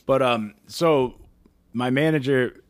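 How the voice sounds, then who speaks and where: A man in his thirties co-hosting a casual podcast, telling stories with lots of swearing and acted-out quotes. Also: slow. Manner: profane, storytelling, acts out quotes in shrill voices. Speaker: podcast co-host.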